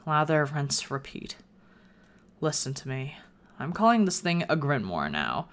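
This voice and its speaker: A woman's voice: sits low, very animated, measured pace, a little hiss or hum. A woman reading a visual novel aloud in the first person, with playful asides of her own. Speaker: gaming video creator.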